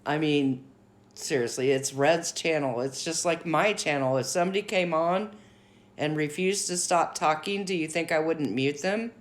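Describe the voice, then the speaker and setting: A woman's voice: sits low, normal speed. A woman hosting her own commentary vlog, giving blunt, outspoken opinions in a casual talking style. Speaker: commentary channel host.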